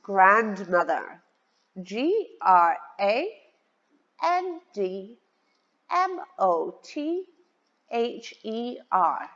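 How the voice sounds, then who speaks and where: Woman teacher for young kids, very slow and lively sing-song delivery, words spelled out; lo-fi, reverberant sound. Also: mid-range voice. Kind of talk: children's vocabulary lesson. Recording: dull lo-fi sound with long reverb.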